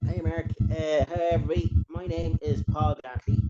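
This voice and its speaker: A man's voice: fairly high pitch, flat delivery, a little fast. Irish man in his forties, rambling. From Ireland. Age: 40s. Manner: soft-spoken, rambling, repeats himself. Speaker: guest songwriter. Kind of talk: casual self-introduction. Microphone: video call. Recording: dull lo-fi call with loud hiss.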